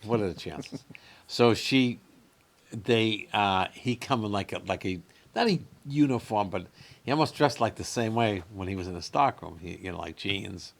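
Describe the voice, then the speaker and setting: A man's voice: on the low side, expressive, moderate pace, gravelly. A man in his late sixties, a comedian, chatting casually and telling rambling stories that he acts out with quotes. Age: 60s. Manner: rambling storyteller, fond of acting out quotes. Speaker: comedian guest. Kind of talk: casual chat.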